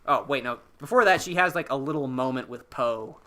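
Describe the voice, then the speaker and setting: A man hosting a podcast, telling a film's plot in a casual, profane, animated way and acting out the characters' lines. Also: medium pitch, brisk. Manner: animated, profane storytelling with acted-out character quotes. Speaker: podcast host. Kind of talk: casual spoiler-filled film recap.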